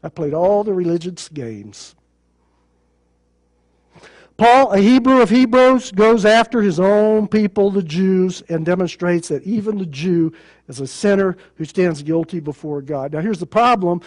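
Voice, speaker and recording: High-voiced man preaching a sermon. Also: animated, a little slow, a little mellow. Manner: conversational, sarcastic preaching with rhetorical questions. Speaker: pastor.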